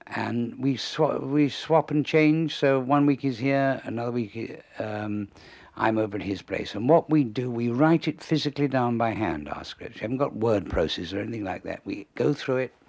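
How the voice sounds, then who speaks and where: An older man, a comedy writer and interview guest, telling lively anecdotes and chuckling at his own stories. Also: medium pitch, normal speed, vocal fry. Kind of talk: anecdotal storytelling.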